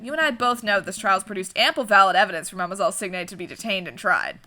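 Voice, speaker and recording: A principled male bird prosecutor from a courtroom game reflects in a measured, formal way, read aloud by a woman. The voice is bright. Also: mid-range voice, close to an everyday voice.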